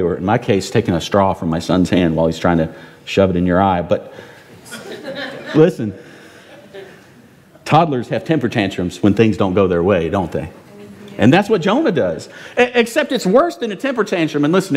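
Male pastor preaching; animated, chatty delivery with tag questions, echoing through a sanctuary. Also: on the low side. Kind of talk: sermon. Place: church sanctuary. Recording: long reverb in a church.

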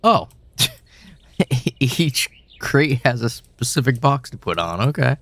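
A man's voice: medium pitch, very animated, slow pace, fairly bright tone, no echo. A young man giving wry, suspicious commentary while playing a horror game, swearing now and then. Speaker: gaming channel host.

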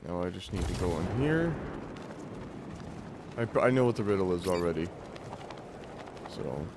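A man's voice: deep voice, lively intonation, normal speed, very noisy. A young man hosting a gaming video, chatting casually and reading game text aloud with mocking, laughing asides.

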